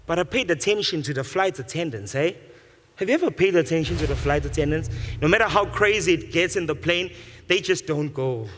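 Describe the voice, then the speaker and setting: A man's voice: on the high side, lively intonation, fairly quick, a bit bright, slight background noise. A man giving a motivational speech, telling a story and acting out the characters in it. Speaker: speaker.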